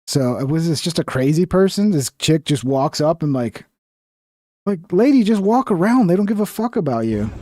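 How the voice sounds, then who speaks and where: A man's voice: on the high side, big pitch swings, moderate pace, a little mellow. A young man giving heated, profane commentary while reacting to news clips. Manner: heated, profane, exasperated ranting.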